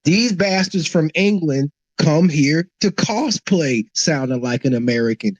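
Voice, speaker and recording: A man's voice: fairly high pitch, animated, measured pace, no echo. A man arguing in a heated live audio-room debate, mocking the others. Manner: argumentative, mocking. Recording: dull dry lo-fi audio.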